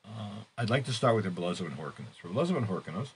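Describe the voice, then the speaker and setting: A middle-aged man living in Israel, teaching a weekly Torah class in an unscripted, halting way, with many restarts and fillers and sudden emphatic rises. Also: fairly low pitch, sing-song, a little hiss or hum.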